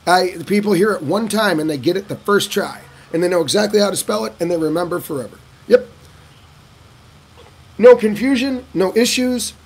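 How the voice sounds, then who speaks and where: A middle-aged man giving casual advice in a Q&A monologue, animated and swearing, acting out conversations. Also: normal speed, husky. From United States. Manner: animated, swearing, acting out dialogues with lively shifts in pitch and pace. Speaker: vlogger giving advice on living in Vietnam.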